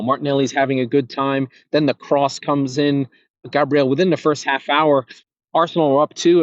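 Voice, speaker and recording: A man's voice: mid-range voice, no echo. Guy doing a solo footy podcast, fired up and rambling, dry kinda muffled sound. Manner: passionate, rambling with restarts. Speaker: podcast host. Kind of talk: solo football analysis monologue. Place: outdoors on a golf course.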